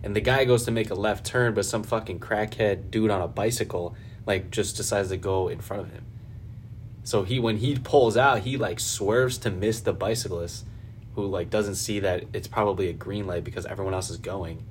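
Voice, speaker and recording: A man's voice: fairly low pitch, fairly even intonation, moderate pace, a little hiss or hum. A man hosting a podcast, telling a story in a rambling, profane, casual way. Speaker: podcast host. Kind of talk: casual chat.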